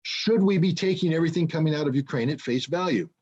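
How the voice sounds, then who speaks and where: Indignant American male panel guest, slightly high voice, muffled lo-fi sound. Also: darkish tone, husky. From United States. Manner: impassioned, indignant, halting restarts. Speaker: guest commentator. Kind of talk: online panel discussion.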